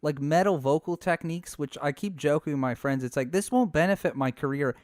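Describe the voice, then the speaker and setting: A man being interviewed as a podcast guest, soft-spoken and chatty, often laughing. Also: a little high, brisk, no echo, studio quality. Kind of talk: casual interview chat.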